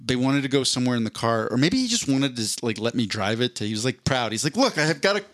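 A man's voice: mid-range voice, animated, quick pace, no echo. A man co-hosting a podcast, telling a long casual story with lots of restarts and self-corrections. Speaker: podcast co-host. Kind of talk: casual chat.

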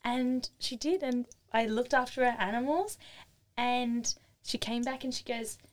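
Aussie woman telling a story, chatty, keeps laughing, voice sits a bit high. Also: a little slow. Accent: Australian. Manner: chatty and animated, laughs often, acts out quotes. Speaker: interview guest. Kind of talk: casual storytelling.

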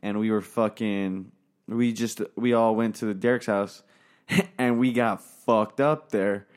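A man's voice: on the low side, fairly even intonation, measured pace, clean tone. Swearing, rambling young man telling stories. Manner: swears often, rambling, laughs through stories. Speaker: podcast co-host. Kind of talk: casual storytelling chat.

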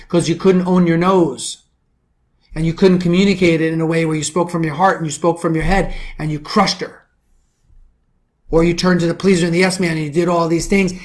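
Intense preaching New York man. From the Bronx, New York. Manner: forceful preaching, rhetorical questions, drops to low intense tones. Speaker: podcast host and men's coach. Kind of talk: motivational monologue.

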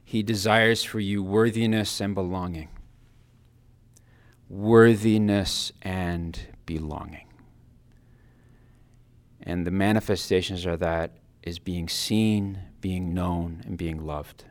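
Man with a really low voice, earnest devotional talk, trails off soft at the ends. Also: fairly even intonation, unhurried, hardly any pauses. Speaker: Christian speaker giving a Lenten reflection.

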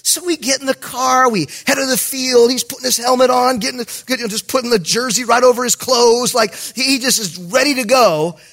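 A middle-aged man preaches a sermon in a high, bright voice. He tells stories with energy, acting out bits of dialogue and pressing his points hard. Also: a little fast, hardly any pauses. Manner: animated storytelling, acts out dialogue, emphatic. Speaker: pastor.

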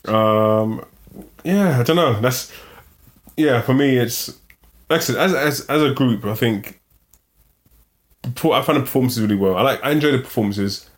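A man from England chatting casually about a TV show, rambling and restarting his sentences, quick to joke. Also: mid-range voice. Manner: rambling, restarts often, jokey. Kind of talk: casual chat reviewing a TV show.

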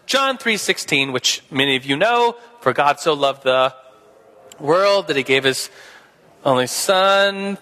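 A man's voice: fairly high pitch, expressive, unhurried, pushed and bright, long reverb tail. A man teaching a Sunday school class in a casual, playful way, acting out both sides of a debate.

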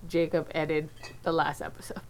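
A woman's voice: low voice, little pitch movement. Blunt swearing woman on a podcast. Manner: blunt, swears a lot, quick to laugh. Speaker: podcast co-host. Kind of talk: casual drinking chat.

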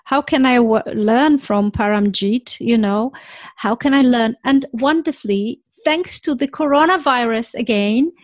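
A woman's voice: a little high, measured pace, dry recording. A woman hosting an interview, asking eager questions and affirming her guest. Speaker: host.

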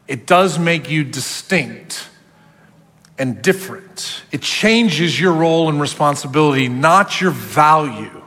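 A male pastor delivers a sermon with a high, lively voice that swings up and down as he preaches. He acts out the voices he quotes along the way. His voice carries a long reverb from a large church hall. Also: slow.

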